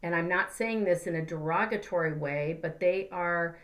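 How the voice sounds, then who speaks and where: A woman's voice: on the low side, moderate pace. A woman, a life coach and therapist, giving a casual spiritual teaching talk in an earnest, conversational way. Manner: earnest, conversational, acts out examples in her own voice.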